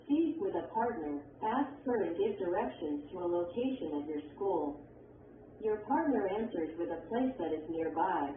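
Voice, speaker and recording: A woman reading an English textbook lesson aloud, slow and clear, voicing the sample dialogues herself. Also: on the low side, lively intonation, slight background noise. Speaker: textbook audio reader. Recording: tinny lo-fi audio in an echoey room from a distance.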